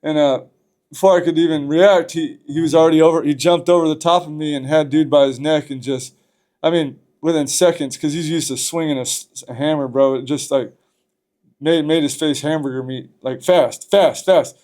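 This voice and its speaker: A man's voice: fairly high pitch, fairly even intonation, moderate pace, darkish tone. A man, a podcast guest, telling a story from his past in a loose, profane, casual way.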